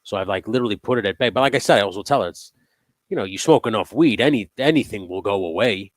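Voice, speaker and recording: A low-pitched man chats casually as a host, spinning animated, profanity-laced stories. His voice sits close to the mic with a dry, dead sound. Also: quick pace, dry recording. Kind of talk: casual chat. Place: home workshop.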